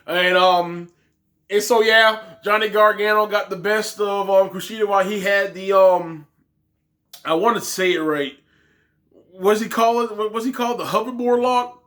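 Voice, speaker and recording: A young man hosting a wrestling review in excited casual talk, exclaiming often and trailing off mid-sentence. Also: sits high, normal speed.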